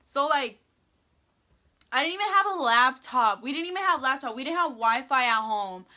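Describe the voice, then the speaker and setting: A teenage girl telling a story-time vlog, animated, quoting herself and others and swearing casually. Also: high-pitched, moderate pace. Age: teens. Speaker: vlogger. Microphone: phone or camera mic.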